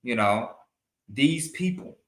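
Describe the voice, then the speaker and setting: Slow, earnest man in an echoey room. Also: medium pitch, lively intonation, fairly bright tone. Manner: earnest, repeats and restarts phrases. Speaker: show host. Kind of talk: opinion commentary monologue.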